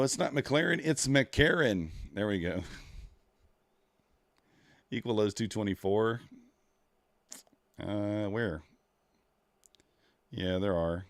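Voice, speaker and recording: A man with a low, deep voice chats loosely with his stream audience as he trades. He rambles and mutters to himself while hunting through his software. The sound is close and dry, with no room around it. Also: no room sound. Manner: rambling, talks to chat while fiddling with software. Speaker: livestreaming futures trader. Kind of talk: casual livestream chat.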